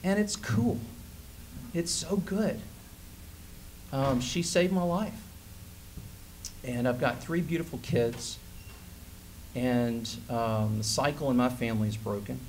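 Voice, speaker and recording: A man in his forties giving a conference keynote, telling a personal story with lively, acted-out dialogue. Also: medium pitch, slow, pauses often, a little hiss or hum. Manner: animated storyteller who acts out quoted dialogue. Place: conference hall stage.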